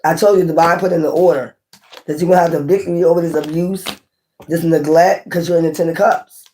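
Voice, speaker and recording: This tarot reader talks fast, with a fairly low, dark voice and fairly even intonation, over a little hiss or hum. Reading cards casually to camera, she is blunt and swears freely, speaking passionately and driving points home with repetition and questions to her viewers.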